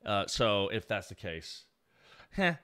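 A man's voice: on the low side, sing-song, takes it slowly, sharp tone. A man in his thirties doing casual stream commentary on his old series, rambling and swearing freely.

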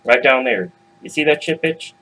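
A fearless gangster billy goat, put on by a storyteller, higher than the teller's own voice, swaggering through profane threats. Street-tough and unflinching. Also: male voice, lively intonation, normal speed, pushed and bright, a little hiss or hum, poor audio. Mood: menacing.

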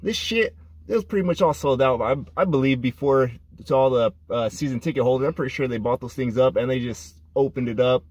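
A man's voice: medium pitch, brisk, a little mellow, no echo. A man co-hosting a fan podcast, complaining with frustration and laughing between complaints. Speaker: podcast co-host. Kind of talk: casual fan podcast chat.

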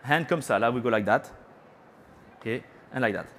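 French-accented chef, chatty live demo. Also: male voice, medium pitch, fairly quick, a bit bright, a little hiss or hum. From France. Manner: chatty, teasing the audience, sprinkles French phrases. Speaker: chef giving a cooking demo. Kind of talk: live cooking demonstration. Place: trade show cooking stage.

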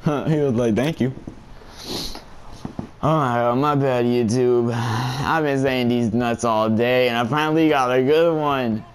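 A man's voice: mid-range voice, unhurried, slight background noise. A young man casually commenting on his basketball game for viewers, laughing often and talking in slang. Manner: giggly, excitable, slangy. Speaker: gameplay YouTuber.

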